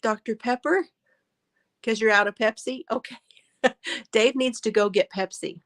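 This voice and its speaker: A woman's voice: fairly high pitch, unhurried, fairly bright tone. A woman hosting a casual crochet livestream from her phone, chatting, laughing often and greeting viewers by name.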